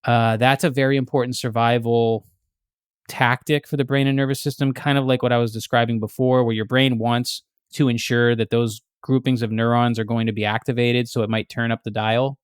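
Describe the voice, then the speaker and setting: A man hosts a podcast in a relaxed, explanatory chat. He works through ideas step by step, restarting sentences as he thinks. His voice sits at a middle pitch, recorded close with a dry, dead sound. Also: brisk, clear, resonant tone, no room sound. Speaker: podcast host.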